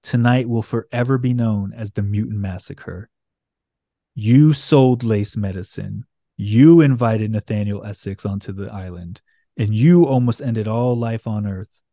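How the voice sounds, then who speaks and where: Excitable man with a mellow voice. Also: lowish voice, no echo, clean studio sound. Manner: excited, swears often, reads passages aloud. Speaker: podcast co-host. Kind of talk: casual chat.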